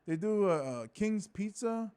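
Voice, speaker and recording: Animated comic man, higher voice. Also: measured pace, clean tone. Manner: animated, acts out quotes in voices. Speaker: stand-up comic guest. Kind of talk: casual interview storytelling.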